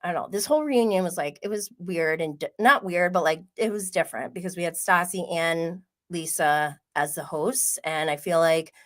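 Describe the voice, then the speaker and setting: A woman hosting a casual pop culture livestream, chatting quickly with many "like" fillers and frequent laughs. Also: fairly low pitch. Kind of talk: casual gossip chat.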